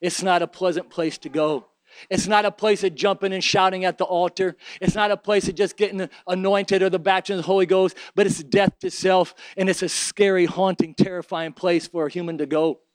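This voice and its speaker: A man's voice: high-pitched, fairly even intonation, a little fast, no echo, poor audio. A man preaching a sermon and leading an altar prayer, fervent and emphatic, with repeated phrases.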